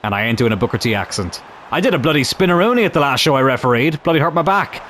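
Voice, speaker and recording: A young man commentating on his own football video game in a chatty, animated way, swearing mildly as he plays. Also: mid-range voice, racing, slight background noise. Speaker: gaming YouTuber.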